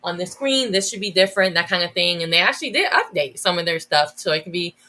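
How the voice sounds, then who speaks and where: A woman's voice: fairly low pitch, lively intonation, fast, bright, forceful tone, a little hiss or hum. A woman educator as a podcast guest, talking enthusiastically in a casual, rambling way with many restarts and "like" fillers.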